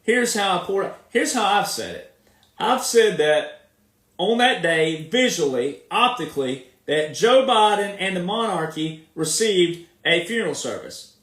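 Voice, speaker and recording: Recorded off-mic in a room full of echo, this Southern-accented man talks in a casual, emphatic monologue, repeating himself and drawing out words. His high, somewhat bright voice is expressive and moves at a measured pace.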